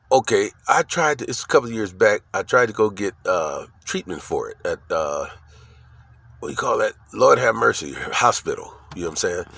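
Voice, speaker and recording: A man talking casually to the camera, telling a story in an animated way, swearing often and checking in with "right?" after his lines. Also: low-pitched, gravelly, husky. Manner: animated, profane, repeats "right?" and "you know what I'm saying?". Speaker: vlogger.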